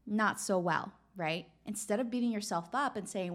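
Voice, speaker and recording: A woman hosts a casual self-help podcast, speaking encouragingly and checking in often with a tag "right?". Her mid-range voice has a fairly bright tone and a moderate pace.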